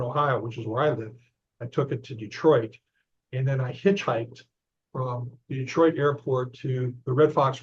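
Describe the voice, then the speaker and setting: A man's voice: medium pitch, darkish tone, husky. A man recounting a long personal story as a guest in an interview, rambling with frequent restarts. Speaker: guest author and investigator. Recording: dull lo-fi audio.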